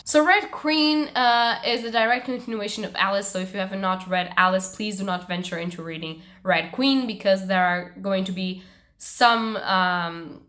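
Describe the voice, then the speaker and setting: A young woman talks through her month's reading in a casual vlog. She gushes and gets openly expressive, and her talk is frank, with casual swearing. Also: mid-range voice. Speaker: book vlogger. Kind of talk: casual book review monologue.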